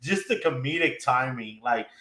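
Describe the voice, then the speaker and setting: A man's voice: mid-range voice, moderate pace. Guy hyped retelling an anime ep, laughs a lot, echoey room. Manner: animated retelling, laughing, acting out quotes. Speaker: podcast host recapping an anime episode. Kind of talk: casual chat.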